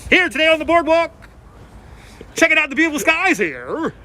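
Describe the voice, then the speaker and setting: A man putting on an old-time male radio countdown announcer, stretching every phrase in drawn-out patter, outdoors on a boardwalk. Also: very high-pitched, big pitch swings, sharp tone, pitched above the performer's own voice, full character voice. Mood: showy. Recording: city traffic noise outdoors.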